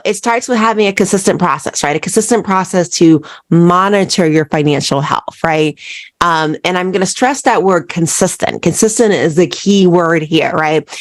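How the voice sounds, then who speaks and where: A woman talks straight to her listeners on a solo podcast, in a fairly low voice. She asks them one question after another and checks in with "right?" all the time. The sound is dry and close, with no room echo. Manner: asks listeners repeated rhetorical questions, says "right?" often. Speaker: podcast host and accountant.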